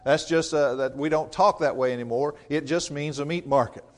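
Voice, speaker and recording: A male preacher delivering a sermon in a folksy, conversational way, with emphatic bursts and a refrain he keeps repeating. His voice sits a little high for a man. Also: normal speed.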